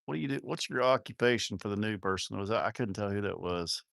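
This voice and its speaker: A low-voiced man hosts a casual livestream from his farm. He rambles through viewer comments with crude, self-mocking humor. His voice is close and dry, with no room echo. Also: fast talker, vocal fry, a bit bright. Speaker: livestream host of a cattle farm channel. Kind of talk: casual live-stream chat reading viewer comments.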